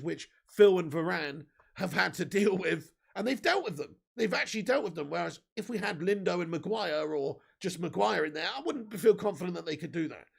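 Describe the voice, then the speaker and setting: Guy doing live footy watch-along, high gravelly voice, gets shouty and swears. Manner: excitable, swings from grumbling to shouting, swears. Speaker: football watch-along host.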